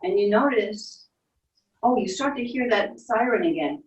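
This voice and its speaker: A woman with a fairly high voice guides listeners through an imagined journey, soft and playful, now and then making little sound effects. She sits well back from the mic in a room that echoes around her. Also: unhurried, distant mic, highs cut off. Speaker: instructor leading a guided visualization. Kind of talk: guided imagination story for children.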